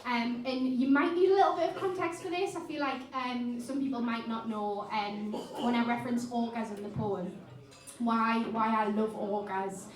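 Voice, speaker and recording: A woman's voice: fairly high pitch, fairly even intonation, normal speed. Woman doing spoken word poetry on stage, passionate rhythmic delivery, kinda far from the mic, roomy echo. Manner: impassioned, rhythmic delivery with chatty asides. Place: live music venue stage. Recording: echoey room, mic at a distance.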